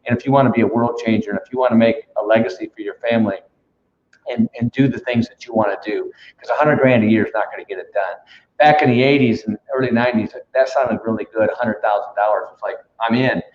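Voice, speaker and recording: Man, low voice, motivational sales coach, punchy and preachy, roomy muffled video-call sound. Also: quick pace, a little mellow, slight background noise. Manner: preachy, punchy, says "come on" a lot. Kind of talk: energetic motivational talk.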